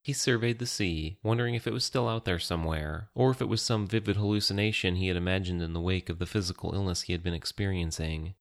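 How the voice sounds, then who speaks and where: Low-voiced male audiobook narrator. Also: fast, few pauses.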